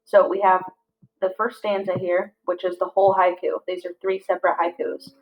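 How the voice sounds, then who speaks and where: A woman teaching a class, reading lines slowly and clearly and breaking words into syllables. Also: lowish voice, flat delivery. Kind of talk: classroom lesson. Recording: slightly dull lo-fi audio.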